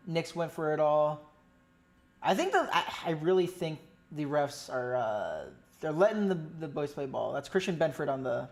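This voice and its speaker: A gravelly, mid-range voice belongs to a fan doing amateur live-stream commentary on a game. Excitable and pleading, they erupt loudly, then mutter quietly, and swear frequently.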